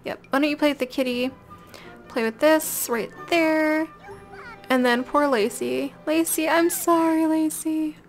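A woman with a high, light voice narrates her gameplay in a casual let's-play style. She chats along as she plays and talks directly to the characters on screen, as if they could hear her. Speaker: gameplay video creator.

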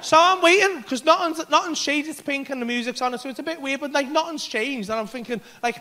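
A male English stand-up comedian telling a story on stage, animated and sweary, acting out both sides of the conversation. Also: very high-pitched, brisk.

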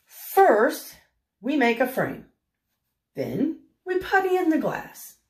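A woman's voice: high-pitched, big pitch swings, takes it slowly, a little mellow, pitched above the performer's own voice, full character voice. An older woman voicing a puzzled but kindly grown man, a carpenter in a storybook, who sounds bewildered yet obliging. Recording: roomy echo.

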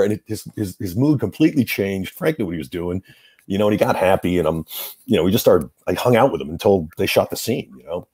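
A middle-aged man tells lively anecdotes as a guest in a casual interview, laughing between lines. His voice sits low with a husky, dark tone. The sound is close and dry. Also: fast, dry recording. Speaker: actor guest.

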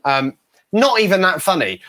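A young English man in his twenties, a ventriloquist guest telling lively stories in a casual interview and acting out the voices in them. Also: sits high, normal speed. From England. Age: 20s. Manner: animated storyteller who acts out quotes.

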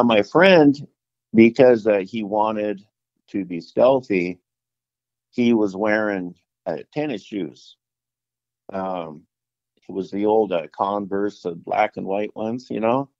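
A middle-aged outdoorsman with a deep voice tells a story casually, rambling with fillers and restarts and acting out the dialogue. The recording is dry, dull, and lo-fi.

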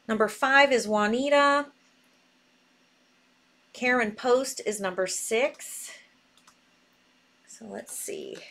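Excitable woman hosting a live sale. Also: fairly high pitch. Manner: excitable, reads buyer names aloud while typing. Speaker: live jewelry sale host. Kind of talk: live-stream selling.

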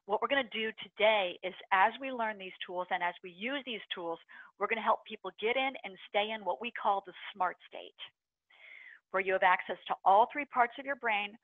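A middle-aged woman presenting a webinar, energetic and expressive, acting out inner voices with sighs and gasps. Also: medium pitch, normal speed, dry recording. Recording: tinny phone-line audio, dry.

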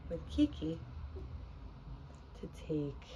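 A young woman reading a children's book aloud at home, speaking slowly and gently in a slightly low voice. Her soft, unhurried talk carries a faint hum of room noise behind it. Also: big pitch swings. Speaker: home reader. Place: home corner indoors.

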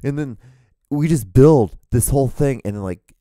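A man's voice: mid-range voice, moderate pace, mellow, dry recording, studio quality. A man hosting his own solo podcast, rambling through blunt, profane rants, with his voice starting to go. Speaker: podcast host.

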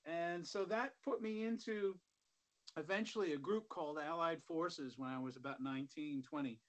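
Man telling stories, slightly high voice. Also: moderate pace, poor audio. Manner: relaxed, rambling, many "you know" asides. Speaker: guest musician. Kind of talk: casual interview storytelling.

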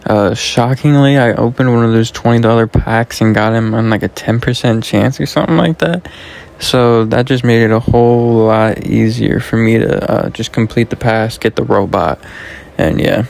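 Flat, gravelly gaming YouTuber guy. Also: mid-range voice, normal speed. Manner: laid-back, rambling with fillers. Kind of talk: casual video intro.

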